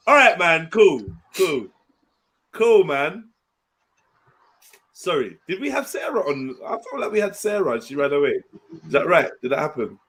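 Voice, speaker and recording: This is a young man whose voice sits a little on the high side. He hosts a casual livestream in a slangy, joking way. He swears freely and laughs often as he talks. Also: big pitch swings, moderate pace, pauses often, fairly bright tone. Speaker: livestream host.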